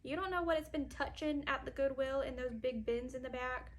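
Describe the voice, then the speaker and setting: A woman's voice: high voice, brisk. Breathless chatty young woman. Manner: chatty, filler-heavy, uses "y'all". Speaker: book vlogger. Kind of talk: casual chat.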